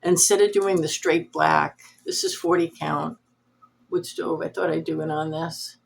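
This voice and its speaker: A woman's voice: deep voice, steady tone, moderate pace, gravelly. A woman hosting a cross-stitch vlog, chatting casually to camera in a nasal, rambling, self-deprecating way.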